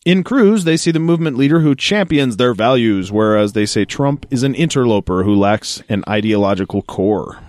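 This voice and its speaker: A man's voice: on the low side, brisk, hardly any pauses, darkish tone, no echo. Man casually riffing on the news. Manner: reads news excerpts then jokes and laughs. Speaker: podcast co-host reading news. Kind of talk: casual podcast chat reading articles aloud.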